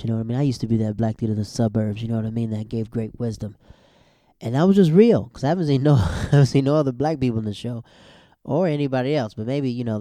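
A young man giving a casual, slangy recap of a TV episode, breaking into high exclaiming bursts. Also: mellow, no echo, clean studio sound. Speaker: show recapper.

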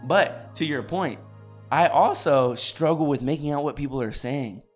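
Ein junger Mann, Co-Moderator eines Livestreams, mit lauter, tragender Stimme, der lebhaft plaudert, viel lacht und locker flucht. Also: male voice, a little high, normal speed, soft background music. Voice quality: loud, carrying voice. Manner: animated, swears casually, laughs often. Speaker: co-host. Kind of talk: casual chat on a live stream. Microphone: studio microphone.

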